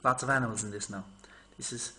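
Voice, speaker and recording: A man's voice: mid-range voice, fast talker, a little hiss or hum. A man rambling casually to his camera, telling stories and mimicking people in a raised voice. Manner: chatty, animated storytelling, mimics people in raised voice. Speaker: vlogger.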